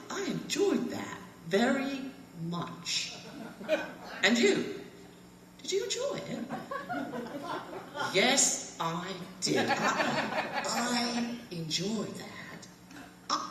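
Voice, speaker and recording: A woman doing prim old British gentlemen in a put-on British accent, chattering politely and repeating themselves with a lively, swinging lilt. The voice comes from far off in a big echoey hall. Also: fairly high pitch, a little hiss or hum, voice pushed up, full character voice. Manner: prim, repetitive small talk. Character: old British men, polite, endlessly repetitive.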